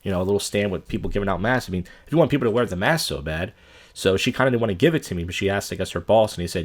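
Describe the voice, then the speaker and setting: A man's voice: mid-range voice, expressive, very fast. A man hosting a podcast and ranting casually and profanely. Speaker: podcast host.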